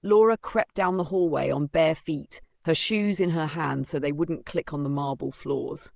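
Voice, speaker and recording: Man, story narrator, steady dramatic reading, gravelly, dry. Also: on the high side, moderate pace, no room sound.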